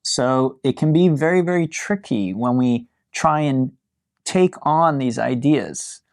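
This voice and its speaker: A male yoga teacher with a gravelly edge to his mid-range voice, talking through a class in a relaxed, musing way. He sounds lightly amused. The sound is dry and close, with no room echo. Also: mid-range voice, slow.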